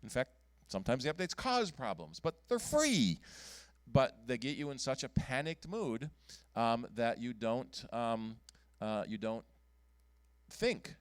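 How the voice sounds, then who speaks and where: A man giving a casual talk at a computer club meeting, halting often with ums and restarts as he clicks through his screen. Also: mid-range voice, big pitch swings, no echo. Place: meeting room.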